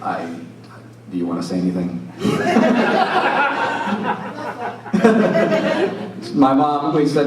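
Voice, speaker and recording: Man in his thirties, comedic roast speech, wry storyteller, lively swinging pitch, very echoey room, distant mic. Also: drawn-out words, long pauses, over a noisy crowd. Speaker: son giving a birthday roast. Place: banquet room with a live audience. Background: audience laughter.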